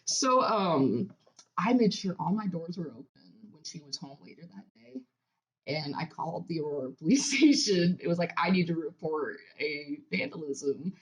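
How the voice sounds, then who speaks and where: A woman's voice: on the low side, big pitch swings, moderate pace. A young woman co-hosting a podcast, telling a story in casual chat with frequent laughs. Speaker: podcast co-host.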